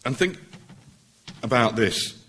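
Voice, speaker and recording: A middle-aged man, a barrister, giving an earnest, persuasive public speech at a meeting, pausing for emphasis. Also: medium pitch, animated, bright, forceful tone.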